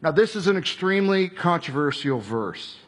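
Husky high-voiced man preaching. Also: moderate pace. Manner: animated storytelling, acting out quoted voices. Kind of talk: sermon.

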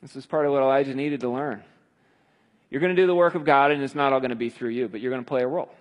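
A man's voice: mid-range voice, steady tone, fast. A male preacher retelling scripture in a conversational sermon with emphatic stresses. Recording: long hall reverb.

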